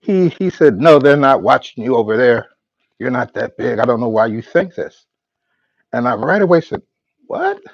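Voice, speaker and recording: A man's voice: medium pitch, lively intonation, gravelly, no echo, dull audio. A man hosting a podcast and recounting a conversation in a casual monologue. He stops and restarts his sentences often and acts out both sides of the exchange. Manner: halting, repeats words and restarts often. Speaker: podcast host.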